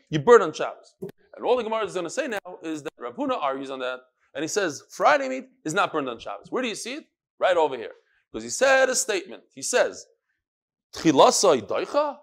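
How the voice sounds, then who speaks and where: A man teaching a Talmud class, explaining the text in an animated way, calling on students and reading Aramaic phrases in a singsong. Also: sits high. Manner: animated, switches between English and chanted Aramaic phrases, calls on students. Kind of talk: lively classroom Gemara lesson.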